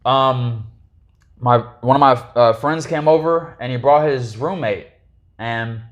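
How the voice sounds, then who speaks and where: A man as a podcast guest, telling a story in a profane, animated way during a casual chat. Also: mid-range voice, unhurried, lo-fi sound.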